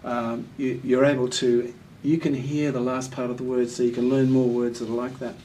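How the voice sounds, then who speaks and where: Male tutor, mellow tone, encouraging and patient, mic set back with faint room hum. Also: mid-range voice, little pitch movement, moderate pace. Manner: patient, encouraging, explains step by step. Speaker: literacy tutor giving assessment feedback. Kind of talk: one-on-one feedback session. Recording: voice picked up from a distance with faint room noise.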